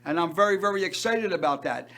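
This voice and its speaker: An older man hosting a variety show in a gushing showman's monologue. His voice sits high, and he leans on emphatic repeats. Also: animated, quick pace, bright, forceful tone. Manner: effusive, emphatic, repeats words.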